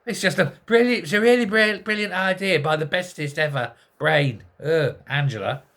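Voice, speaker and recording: A man's voice: fairly high pitch, moderate pace, a bit bright. A man hosting a sarcastic, exasperated political commentary monologue full of rhetorical questions. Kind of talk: ranting monologue.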